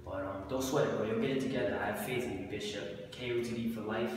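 A man's voice: fairly low pitch, steady tone, fast talker, distant mic, a little hiss or hum. A young man hosting an improvised comedy sketch, teasing the other characters in casual slang. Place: indoor room at home.

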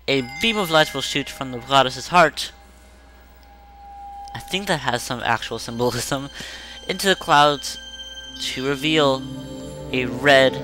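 A man's voice: medium pitch, sharp tone, rough recording. A man hosting a let's play, joking and rambling casually over gameplay into a desk microphone.

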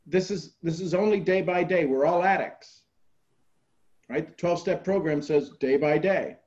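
Earnest motivational man, slightly high voice. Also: moderate pace, a little mellow, highs cut off. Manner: earnest, repeats key phrases. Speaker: host of a group call. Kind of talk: motivational coaching talk.

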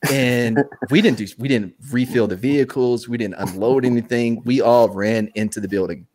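A man and former soldier telling a story in casual live-show chat, animated and laughing often. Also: mid-range voice, moderate pace.

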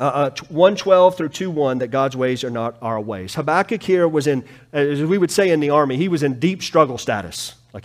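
A man preaching a sermon as pastor in a church, animated, swinging from soft, low passages to loud, pleading ones. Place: church sanctuary.

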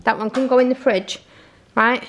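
A woman's voice: a little high, steady tone, normal speed, slight background noise. A woman chatting casually in a home vlog, coaxing and teasing her toddler. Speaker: family vlogger. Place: family home, indoors.

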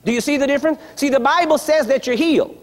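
High-voiced man preaching in a big hall. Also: fast. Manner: emphatic teaching, repeated rhetorical questions to the congregation. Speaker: pastor. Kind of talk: sermon. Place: large church building with a congregation. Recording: long reverb of a large hall.

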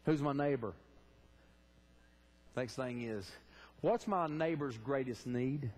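A man's voice: mid-range voice, slow, darkish tone. A man preaching a sermon in a church, fervently asking the congregation direct questions. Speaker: pastor. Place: church sanctuary.

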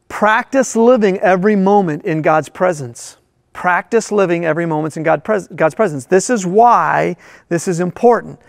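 A man's voice: high-pitched, creaky, no echo, clean studio sound. A male pastor preaching a sermon in a church, emphatic and full of rhetorical questions.

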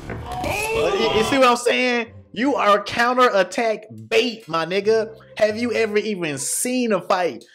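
High, lively mocking reaction host, man. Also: unhurried, faint music behind. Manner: profane, mocking, excitable trash talk. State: hoarse, losing his voice. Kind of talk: casual reaction commentary.

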